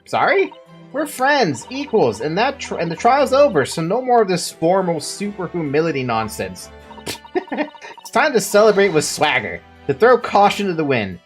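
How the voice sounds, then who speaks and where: A woman's voice: fairly low pitch, sing-song, moderate pace, faint music behind. A woman voicing a bold, upbeat young male defense lawyer who talks in a brash, playful way. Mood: boisterous.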